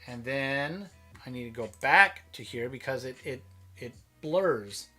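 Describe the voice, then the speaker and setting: A man's voice: mid-range voice, lively intonation, measured pace, sharp tone, husky, faint music behind. A man from Minnesota hosting a live stream, chatting casually in a rambling way that keeps breaking off and restarting. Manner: rambling, self-interrupting, chatty.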